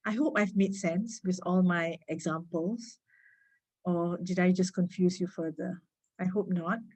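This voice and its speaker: A woman's voice: fairly low pitch, steady tone, a little slow, a little mellow, low-quality recording. Chatty Malaysian woman teaching a workshop. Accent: Malaysian English. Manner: chatty, code-switching, asks rhetorical tag questions. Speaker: reading workshop speaker. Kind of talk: informal online lecture.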